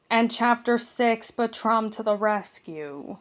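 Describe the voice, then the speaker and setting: Woman reading a kids' bedtime story, slow, gentle and a bit high.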